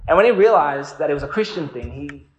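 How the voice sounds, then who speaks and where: Earnest preacher, echoey room. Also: male voice, fairly high pitch, expressive, fast. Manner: conversational, earnest, asks the congregation questions. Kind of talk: sermon.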